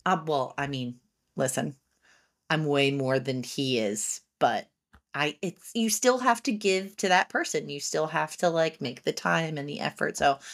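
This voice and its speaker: A woman's voice: low-pitched, a bit bright. A woman hosting a podcast, chatting enthusiastically and affirming her guest often. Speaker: podcast host. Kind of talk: casual conversational interview.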